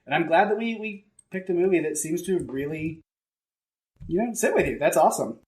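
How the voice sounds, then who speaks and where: Upbeat male podcast co-host, higher voice. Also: expressive, a little fast. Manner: upbeat, warm thanks to listeners. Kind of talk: casual podcast chat.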